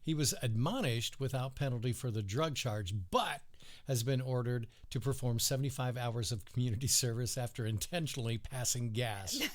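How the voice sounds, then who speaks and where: A man's voice: mid-range voice, moderate pace. A man co-hosting a podcast, chatting casually and reading odd news stories aloud in a laid-back way, chuckling often. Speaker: podcast co-host.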